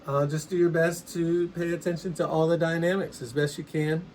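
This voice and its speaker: A man teaching percussion in a relaxed, conversational way, now and then singing rhythms aloud. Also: on the high side, moderate pace, background noise. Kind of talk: casual instructional explanation.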